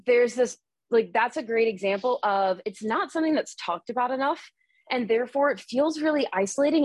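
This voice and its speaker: A woman in her thirties hosting a podcast in a casual, energetic monologue, candid and swearing freely, a little out of breath. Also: fairly high pitch, dry recording. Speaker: podcast host and coach.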